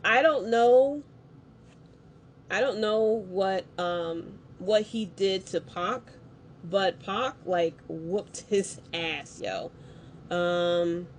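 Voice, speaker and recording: A woman hosting a casual podcast, talking slowly and unhurriedly. She rambles in a loose, slangy way, full of fillers and excited asides. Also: mid-range voice, slight background noise. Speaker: podcast host. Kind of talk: casual wrestling recap chat.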